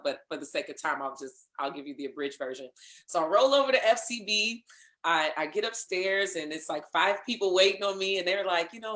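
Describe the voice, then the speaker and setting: A woman being interviewed, telling a lively story in casual conversation, acting out what others said and laughing along. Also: fairly low pitch, roomy sound. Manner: animated storyteller, acts out others' lines, laughs. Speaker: interview guest, singer and voice actor.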